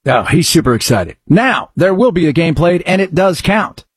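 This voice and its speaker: A man hosting a talk radio show, chatting excitably and rambling about sports news. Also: a little high, normal speed, breathy edge, no room sound.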